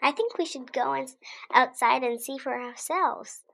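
Woman plays storybook schoolteacher, female, kind and reassuring, unhurried, bright voice. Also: high-pitched, vocal fry, pitched above the performer's own voice, exaggerated voice. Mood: encouraging.

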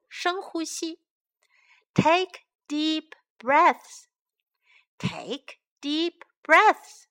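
Woman, children's English teacher, high voice, lively melody, slow careful repetition. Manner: slow, clear, lively, repeats each phrase. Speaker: bilingual children's story teacher. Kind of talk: reading a picture book and drilling phrases.

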